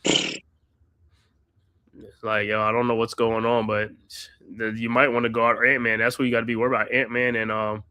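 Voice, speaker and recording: A man's voice: medium pitch, level tone, quick pace, sharp tone, smooth, dry recording. A man hosting a live watch-party podcast, doing casual play-by-play with slangy chat and laughs. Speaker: podcast host calling the game.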